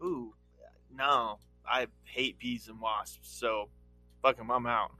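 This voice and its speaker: A man's voice: mid-range voice, fairly even intonation, takes it slowly, pushed and bright, no echo, soft background music. A man co-hosting a podcast who reads out topics and asks wry questions during crude banter. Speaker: podcast co-host.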